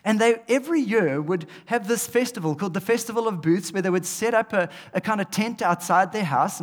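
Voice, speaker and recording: Man, sermon, high voice, loud then hushed, big reverberant hall. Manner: animated, swings between loud emphasis and hushed asides. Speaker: preacher.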